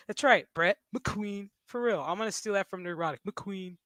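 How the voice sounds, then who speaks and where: A man's voice: high voice, moderate pace, hardly any pauses, music in the background. A man streaming live, ranting casually in a crude, mocking way and often breaking into laughter. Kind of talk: casual livestream rant.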